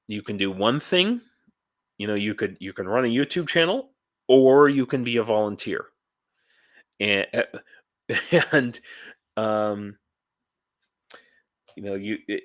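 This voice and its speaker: A man talking casually on his vlog, halting and rambling with many restarts, tired and dehydrated, blunt and ranty. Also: lowish voice, fairly bright tone, no echo, studio quality. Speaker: YouTuber and volunteer in Ukraine.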